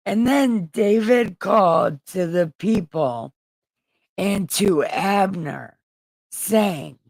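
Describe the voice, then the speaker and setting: A woman's voice: medium pitch, drawn-out words, vocal fry, a little mellow, no echo. A woman livestreaming from home, reading scripture in a casual, irreverent way, crude and joking as she talks.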